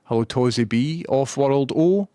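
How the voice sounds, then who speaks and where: A man's voice: mid-range voice, unhurried, mellow, dry recording, clean studio sound. A man with a Scottish accent chatting casually on a livestream, thinking aloud and greeting viewers one by one by name.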